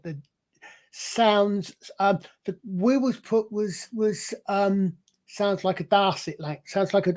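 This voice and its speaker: A man's voice: high voice, darkish tone. A man in a casual panel chat, explaining things at length in a rambling, digressive way with many restarts. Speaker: panel guest.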